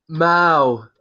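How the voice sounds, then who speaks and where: Male live-show host, unhurried delivery reading viewer comments, muffled stream sound. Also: on the high side, sharp tone. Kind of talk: casual live-stream chat. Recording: dull lo-fi live-stream audio.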